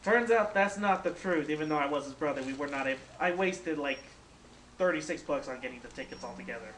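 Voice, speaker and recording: A young man hosting a casual chat, telling animated stories with friends in a room. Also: on the high side, fairly quick. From Filipino. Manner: animated storyteller, acts out quoted people. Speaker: podcast host. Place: room with friends smoking hookah. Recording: echoey room with faint background noise.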